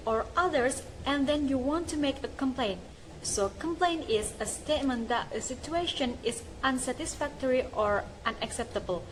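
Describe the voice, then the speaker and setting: Young indonesian woman explaining lesson stuff, high voice, bit of faint hiss behind. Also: rough recording. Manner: steady explanatory reading. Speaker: student presenter. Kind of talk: reading a class presentation.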